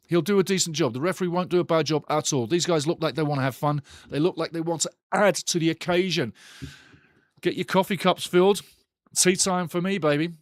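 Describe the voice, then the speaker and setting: A man's voice: on the high side, no echo, studio quality. Chatty man hosting a football watch-along. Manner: rambling, chatty, addresses viewers directly. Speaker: host.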